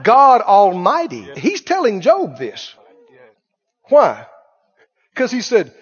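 A man preaching with a very high voice that leaps up and down as he talks. He is fiery and colloquial and throws in mocking asides. The recording sounds dull and lo-fi. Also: huge pitch swings, slow pace, slightly rough. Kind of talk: sermon.

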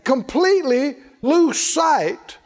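Man, preacher, high-pitched, emphatic, calls out to the congregation, reverberant hall. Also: expressive, slow pace. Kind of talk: sermon.

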